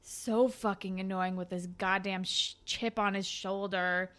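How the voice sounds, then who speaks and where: A woman's voice: mid-range voice, fairly even intonation, normal speed, hardly any pauses, a bit bright. A young woman co-hosting a podcast, recapping a TV episode in casual, profane chat and mimicking the characters. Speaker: podcast co-host.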